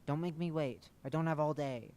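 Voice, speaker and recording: A man's voice: on the high side, normal speed, darkish tone, natural voice. A man voicing an impatient, scornful female senior researcher giving curt, cold orders.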